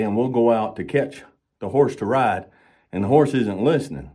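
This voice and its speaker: A man who teaches about horses, talking in a folksy, storytelling way and slowing down to stress his points. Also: mid-range voice, dark tone, husky. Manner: folksy, storytelling with slow emphasized pauses. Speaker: horse trainer and instructor. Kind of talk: relaxed explanatory talk.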